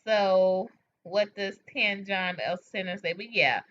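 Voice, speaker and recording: Bright-voiced woman chatting on a livestream. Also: medium pitch, takes it slowly. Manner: animated, frank, reads out and answers viewer comments. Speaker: livestream host. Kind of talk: casual chat with viewers. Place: home, at night. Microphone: webcam or phone mic. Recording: dull lo-fi livestream audio.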